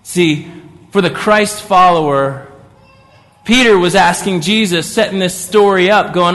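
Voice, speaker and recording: A man's voice: sits high, measured pace, faint music behind. Man retelling a parable, big hall. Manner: vivid, imaginative retelling, swinging between loud and hushed. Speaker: pastor. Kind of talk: sermon storytelling.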